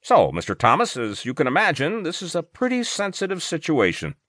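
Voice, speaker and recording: An oily government aide, smooth and falsely sincere, coaxing in a placating tone, as a male narrator puts him on. His voice is lifted well above the reader's low natural pitch. The sound is dry and close. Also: huge pitch swings, a little fast, a bit bright, no room sound, full character voice. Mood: persuasive.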